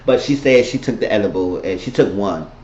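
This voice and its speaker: A man's voice: lowish voice, lively intonation, brisk, darkish tone. A man giving a casual, rambling, profane recap of a TV episode. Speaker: TV recap vlogger. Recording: roomy lo-fi home recording.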